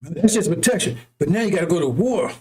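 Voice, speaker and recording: High-pitched, animated, and fast, a man with a darkish tone rails through an unscripted preaching monologue. It's impassioned and profane, full of repetition and questions like "right?" and "see?"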